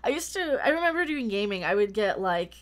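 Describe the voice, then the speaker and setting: A woman's voice: mid-range voice, big pitch swings, a little fast. A woman hosting her own livestream in casual chat, talking freely with many restarts and thanking viewers by name. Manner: chatty, thanks viewers warmly, frequent restarts. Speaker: YouTube channel host.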